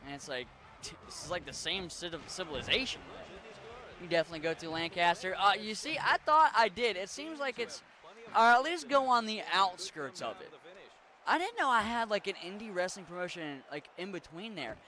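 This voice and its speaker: A man's voice: high voice, lively intonation, moderate pace, sharp tone. A young man from Western Maryland with a mixed Appalachian accent, chatting casually with his viewers while gaming, rambling and swearing freely. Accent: Western Maryland, Appalachian mix. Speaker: game streamer.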